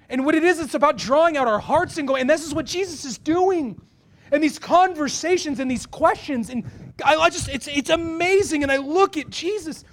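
A man preaching a sermon to a congregation, animated, building to loud, pressing rhetorical questions. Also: very high voice, vocal fry. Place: church before a congregation.

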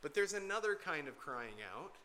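A man's voice: high voice, animated, normal speed, bright, forceful tone, slight background noise. A man preaching an expository sermon from the pulpit, earnest and emphatic, repeating key points to drive them home. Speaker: pastor.

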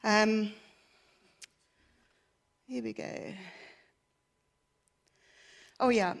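A woman's voice: mid-range voice, steady tone, moderate pace. A woman giving an earnest, emotional personal testimony in church, her voice shaky at times. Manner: earnest, emotional, with many fillers.

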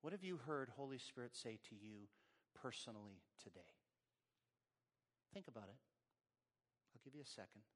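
A man preaching a sermon as pastor, with rising emphasis and a quiet prayer. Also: mid-range voice, expressive, normal speed, long pauses. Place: church service, also streamed online.

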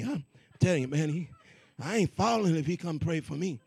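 A male preacher tells his story in an animated, conversational way and keeps repeating his key lines. His voice sits high for a man, with a gravelly, husky texture. The sound is close and dry. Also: a little fast, no echo. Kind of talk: sermon testimony storytelling.

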